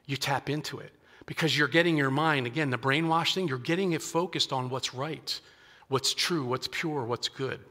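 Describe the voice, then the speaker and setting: A man's voice: mid-range voice, normal speed, sharp tone, long reverb tail. A male pastor preaching a sermon in a conversational way, restarting phrases and acting out quotes from scripture. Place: church sanctuary.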